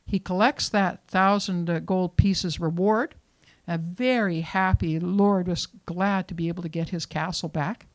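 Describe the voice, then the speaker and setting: A woman hosting a storytelling event, finishing a folk tale in a relaxed manner and introducing the next teller. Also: fairly low pitch, measured pace, no room sound. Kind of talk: storytelling to a live audience.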